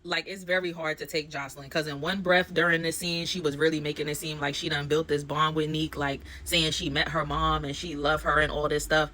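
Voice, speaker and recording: A woman's voice: sits low, level tone, a little fast, few pauses, pushed and bright, slight background noise. A woman vlogger recapping a reality TV episode in a casual, slangy, conversational storytelling voice.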